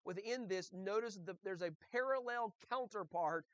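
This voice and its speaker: A male pastor delivers a sermon in a fairly high voice, talking conversationally and peppering it with "okay?" and rhetorical questions. The sound is dry and close, with hardly any room echo. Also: normal speed, fairly bright tone, smooth, lo-fi sound. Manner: conversational preaching with frequent "okay?" check-ins and rhetorical questions. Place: church.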